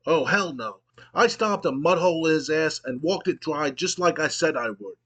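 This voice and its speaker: A brash, trash-talking wrestler voiced by a man barks cocky threats, pitched a touch above his usual voice. The delivery is loud and swaggering, like a wrestling promo impression. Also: animated, normal speed. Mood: boastful. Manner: cocky, shouting insults and threats.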